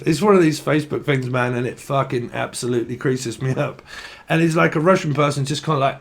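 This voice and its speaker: A man's voice: medium pitch, fairly quick, creaky. A man giving a casual channelled tarot reading, rambling and free-associating, laughing often and swearing casually. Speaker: tarot reader.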